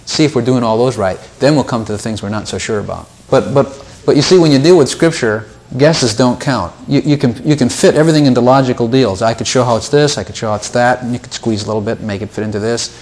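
A man's voice: mid-range voice, quick pace, few pauses, a little mellow. A man leading an informal Bible study, talking things through casually, repeating words and lifting his voice when he quotes scripture.

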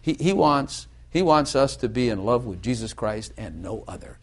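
A middle-aged male preacher talking through a sermon in an easygoing, rambling manner. He circles back on himself, restarts phrases and throws in asides as he goes. His pitch sits in the ordinary middle range for a man. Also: big pitch swings, normal speed, vocal fry, hardly any pauses, husky.

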